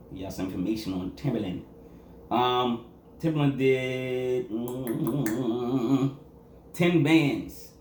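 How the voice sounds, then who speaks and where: A young man from Massachusetts chats through a music review in a loose, rambling vlog voice, leaning on slang and constant "you know what I'm saying". His pitch swings up and down with animation. The sound comes from an echoey room with a faint hiss. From Quincy, Massachusetts. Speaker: album reviewer.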